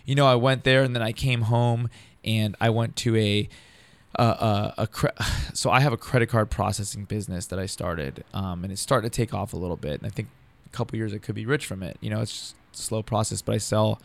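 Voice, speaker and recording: A gravelly, slightly fast man with a lowish voice, a stand-up comedian appearing as a podcast guest. He rambles through a long story in casual conversation, cursing freely and saying "dude" over and over.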